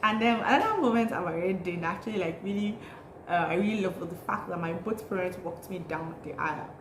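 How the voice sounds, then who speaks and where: A woman's voice: fairly low pitch, brisk. Bubbly Nigerian woman in a roomy space. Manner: bubbly, laughing, animated storytelling. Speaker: vlogger. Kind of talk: casual chatty vlog. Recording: roomy echo, faint noise.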